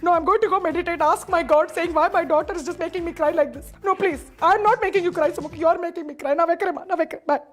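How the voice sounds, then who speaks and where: A woman's voice: very high voice, fairly even intonation, rapid-fire, hardly any pauses. Woman doing a nagging mother. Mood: pleading. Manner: scolding, guilt-tripping, mixes Tamil and English. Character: nagging melodramatic middle-aged Tamil mother. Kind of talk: comic phone-call sketch.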